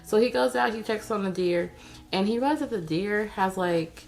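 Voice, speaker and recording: A woman's voice: mid-range voice, moderate pace, gravelly, darkish tone. A woman giving a casual, sarcastic recap of a TV episode, chatty and full of slang. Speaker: TV recap vlogger.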